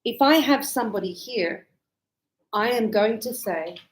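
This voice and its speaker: A woman's voice: on the high side, lively intonation, unhurried. An Australian woman teaching English, chatty, acting out short example dialogues to explain everyday phrases. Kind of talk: online English lesson.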